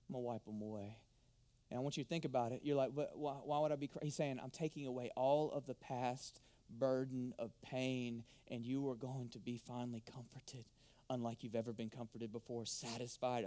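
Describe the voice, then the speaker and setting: Emphatic pastor preaching. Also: male voice, on the high side. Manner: animated, emphatic, drops to hushed tones. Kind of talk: sermon.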